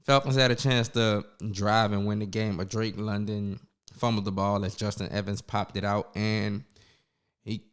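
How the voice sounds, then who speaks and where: A man's voice: on the low side, level tone, normal speed, clear, resonant tone. A man hosting a casual sports recap, talking loosely and calling viewers y'all, with his speech slightly slurred from a numb mouth after the dentist. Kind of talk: casual solo sports commentary.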